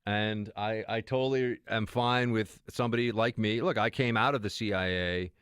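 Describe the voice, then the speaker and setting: A man's voice: lowish voice, normal speed, fairly bright tone, clear, resonant tone, no echo, studio quality. A man hosting a political talk show, speaking in an emphatic, sarcastic way. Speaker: radio host and political commentator.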